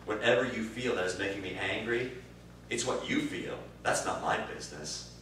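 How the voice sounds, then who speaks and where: A man teaching improv, answering interview questions in an animated way, swearing and swinging from quiet musing to loud bursts. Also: lowish voice, normal speed. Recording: distant roomy recording with faint noise.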